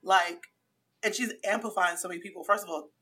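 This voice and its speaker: A woman in casual podcast chat, telling stories in an animated, slangy way with frequent laughs. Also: mid-range voice, a little fast, background noise. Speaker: podcast guest.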